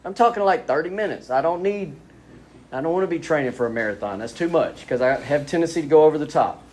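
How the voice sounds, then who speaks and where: A man giving a lively, self-mocking recovery talk as a speaker at a men's spiritual retreat. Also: a little high, fast, a little hiss or hum. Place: retreat gathering.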